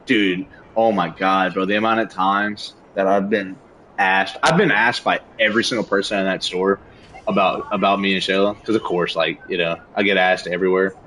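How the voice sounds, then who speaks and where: A man's voice: low-pitched, steady tone, normal speed, bright, forceful tone, a little hiss or hum, low-quality recording. A young man streaming a game on a headset mic, telling stories in a laid-back, casual way with lots of swearing. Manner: laid-back storytelling, heavy swearing, frequent laughs. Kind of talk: casual chat while gaming.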